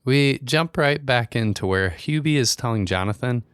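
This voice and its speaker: A man's voice: mid-range voice, normal speed, no echo, clean studio sound. A man hosting a podcast, narrating a scripted story. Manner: smooth storytelling with a varied, expressive delivery. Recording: narration over a music bed. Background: music.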